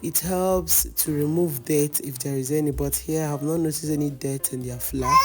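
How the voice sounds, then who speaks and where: A baking host talks viewers through a cake recipe in a hoarse, worn voice at a middling pitch. The delivery is chatty and reassuring, and key advice gets repeated. Faint music plays underneath. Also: fairly even intonation, a little slow. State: hoarse, lost voice. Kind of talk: cooking tutorial.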